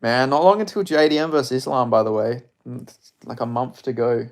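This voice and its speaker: A young man, a streamer, giving excitable, swearing commentary as he watches a live fight and chats with viewers. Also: mid-range voice, brisk. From Australia. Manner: excitable, swearing, chatty reactions.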